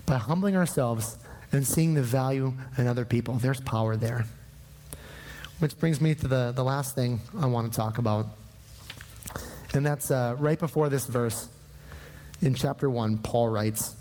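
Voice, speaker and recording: A man's voice: medium pitch, normal speed, big-room sound. A man from northern Minnesota preaching a sermon, telling a personal story with acted-out dialogue. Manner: animated storytelling, acting out dialogue. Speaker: pastor.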